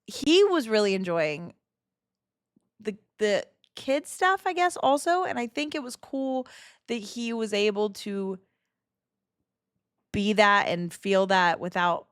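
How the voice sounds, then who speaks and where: A woman in her thirties chatting casually on a livestream, excitable and emotional, swearing freely and laughing often. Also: mid-range voice, slow, long pauses, dry recording, studio quality. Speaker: streamer.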